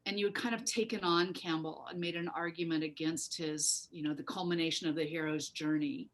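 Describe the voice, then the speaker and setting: Woman, lowish voice, thoughtful moderator, video call. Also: steady tone, brisk. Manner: thoughtful, searching for words.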